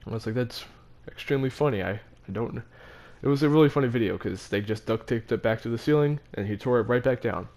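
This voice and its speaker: A teenage boy vlogger with a mid-range, slightly mellow voice talks fast with few pauses. He tells a rambling, self-mocking story about his school, full of fillers and restarts.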